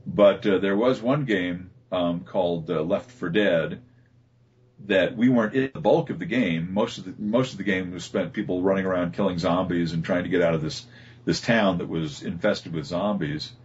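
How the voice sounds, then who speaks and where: A man, a voice actor being interviewed, telling relaxed stories about his work with many fillers and restarts. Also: deep voice, normal speed, slight background noise. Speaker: voice actor guest. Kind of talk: casual interview talk. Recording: dull lo-fi recording.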